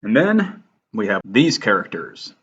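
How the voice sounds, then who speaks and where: A man's voice: lowish voice, big pitch swings, measured pace, fairly bright tone, breathy edge, highs cut off. A man hosting a writing lesson over slides, casual and self-deprecating. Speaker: writing teacher and host.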